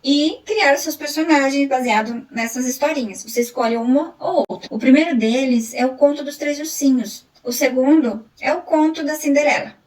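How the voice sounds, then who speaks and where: A woman's voice: high-pitched, fairly quick, few pauses, a little mellow, distant mic. A Brazilian woman teacher giving an online lesson, explaining tasks and checking that students understand. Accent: Brazilian Portuguese.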